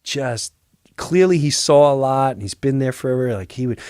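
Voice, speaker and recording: A man telling a casual anecdote in an animated way, laughing and swearing as he goes. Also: mid-range voice, normal speed, smooth, no room sound, studio quality. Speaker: comedian telling a story.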